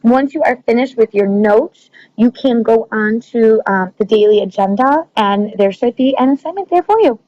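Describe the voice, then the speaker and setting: A woman's voice: on the high side, lively intonation, normal speed, hardly any pauses. A woman teacher walking students through a recorded lesson, explaining step by step with frequent ums and checking that they follow. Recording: slightly dull lo-fi recording.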